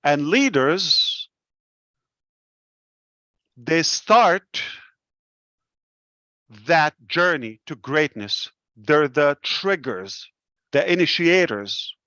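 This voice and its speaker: A man with a delivery speaks slowly and earnestly on a live stream. His words come measured and deliberate, like a founder addressing his members. The audio is dry and dull, as from a close but muffled mic. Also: fairly high pitch, lively intonation, bright, forceful tone, no echo. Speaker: company founder presenting to members.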